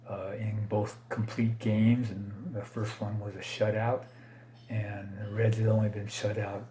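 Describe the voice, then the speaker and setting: A man with a lowish, warm voice talks at a slow, easy pace. He rambles casually, stumbling over facts with plenty of fillers and correcting himself as he goes. He pokes fun at his own slip-ups. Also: slight background noise. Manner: self-deprecating, laughs at own slips. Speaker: card collector vlogger. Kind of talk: casual unscripted commentary.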